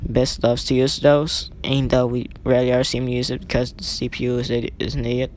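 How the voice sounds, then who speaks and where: Young male hobby commentator, mid-pitch, loose rambling play-by-play, faint hiss and clicks behind. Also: little pitch movement, fast, darkish tone. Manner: rambling, self-correcting, chatty asides. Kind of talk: casual video game commentary.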